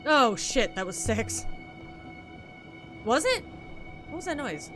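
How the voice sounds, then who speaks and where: Woman streamer, high and lively voice, joking, game music underneath. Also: takes it slowly, pauses often. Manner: animated, joking, swears. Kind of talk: casual gameplay commentary.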